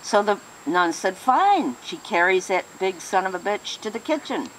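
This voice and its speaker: A woman casually telling a joke, animated and correcting herself as she goes. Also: medium pitch, normal speed, a little hiss or hum, low-quality recording. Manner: animated storyteller, self-correcting. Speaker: joke teller.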